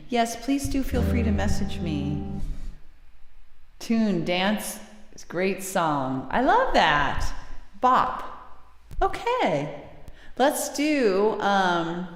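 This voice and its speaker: A woman's voice: mid-range voice, echoey room, big-room sound. A woman hosting a music livestream, chatting casually with viewers and giggling between songs. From United States. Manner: chatty and giggly, reads viewer names aloud. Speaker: singer-songwriter livestream host. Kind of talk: casual chat with live chat readers between songs.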